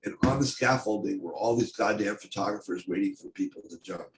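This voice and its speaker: An older man giving a personal storytelling talk on stage, speaking in a halting, intense way with many restarts. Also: on the low side. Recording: echoey room, faint noise.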